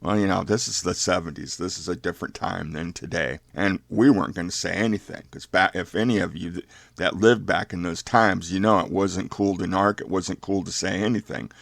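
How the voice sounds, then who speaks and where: An older man telling a youth story in a folksy, unhurried fireside manner. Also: sits low, gravelly, fairly bright tone, no room sound, studio quality.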